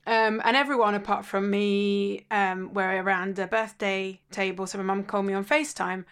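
Woman, mid-pitch, candid and animated storyteller with dry humour, casual podcast chat. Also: normal speed, smooth. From Italy. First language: Italian. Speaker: podcast guest sharing a personal story.

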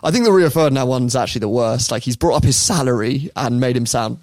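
A man's voice: mid-range voice, lively intonation, fast talker, darkish tone, dry recording, clean studio sound. A man, hosting a casual podcast chat, telling a sports story with laughs and put-on voices for quotes. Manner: chatty, laughs often, puts on voices for quotes. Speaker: podcast host.

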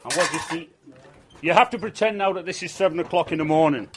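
A man's voice: fairly high pitch, quick pace, heavy background noise. A man with a Manchester accent telling a folk tale and guiding visitors through a blacksmith forge, in chatty narration. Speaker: storyteller and forge guide. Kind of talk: oral folk storytelling.

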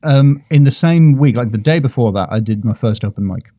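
A man's voice: medium pitch, lively intonation, fairly quick, no echo, muffled recording. A man from Britain, a comedian guest, telling self-deprecating stories in a rambling, casual podcast chat.

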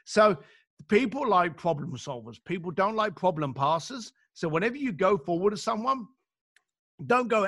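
A man's voice: sits high, lively intonation, normal speed, a bit bright, dry recording, studio quality. A middle-aged man, an author guesting on a podcast, telling stories in a blunt, emphatic way and acting out the voices of people he quotes. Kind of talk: animated conversational storytelling.

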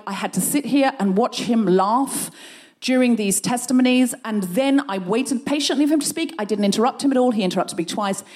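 Woman hosting a live podcast, telling a funny story, doing everyone's voices and laughing along. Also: a little high. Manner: animated anecdote, acting out quoted voices, laughing through. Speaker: podcast host. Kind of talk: comic storytelling to a live audience. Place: live show on a stage.

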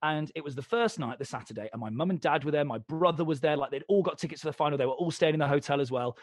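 A young man, a comedian and presenter, is a guest on a podcast, telling stories in casual chat. His voice is a little high and quick, animated and full of swearing as he acts out both sides of dialogues. There's no room sound.

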